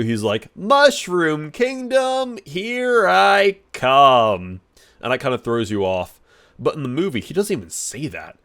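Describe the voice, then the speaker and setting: Male reviewer, mid-pitched, gushing and rambling through a casual review. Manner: excitable and rambling, with frequent restarts and fillers. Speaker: YouTube movie reviewer.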